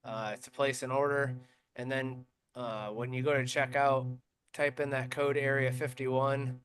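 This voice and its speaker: A man's voice: mid-range voice, unhurried. A man hosting a racing podcast in casual chat. He tells stories animatedly and uses plenty of fillers. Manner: animated storytelling with many fillers. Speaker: podcast host.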